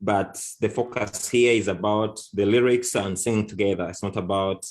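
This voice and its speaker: A man speaks casually as the guest song leader on a video call. His voice sits somewhat low. He talks in a loose, unhurried way, with plenty of pauses and restarts. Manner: relaxed, with many fillers and restarts. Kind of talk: casual chat.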